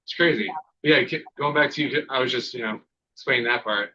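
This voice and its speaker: Podcast host, male, bright forceful voice, loose filler-heavy chat, slightly dull lo-fi recording. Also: medium pitch, brisk. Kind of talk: casual chat.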